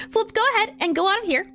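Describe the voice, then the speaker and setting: A woman's voice: extremely high pitch, huge pitch swings, brisk, pushed and bright, faint music behind. A woman game developer on a casual live coding stream, giggling often and explaining her steps as she thinks aloud.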